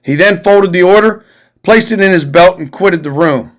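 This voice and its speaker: A man narrating a classic novel in a measured, formal reading voice. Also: high-pitched. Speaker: storyteller.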